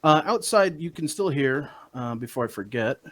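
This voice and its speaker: A man's voice: fairly high pitch, animated, moderate pace. A man narrating as game master of a tabletop game, rambling with many fillers.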